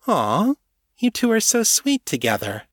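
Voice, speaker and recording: A man's voice: high voice, huge pitch swings, a little slow, breathy edge, dry recording, clean studio sound, voice pushed up, exaggerated voice. A man putting on a teasing young demon woman. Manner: teasing, playful.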